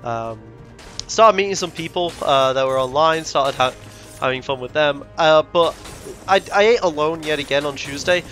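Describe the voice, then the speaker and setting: Bright-voiced young man rambling. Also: on the high side, normal speed, faint music behind. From Britain. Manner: rambling, self-correcting, indignant asides. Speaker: vlogger. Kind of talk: casual rambling travel vlog.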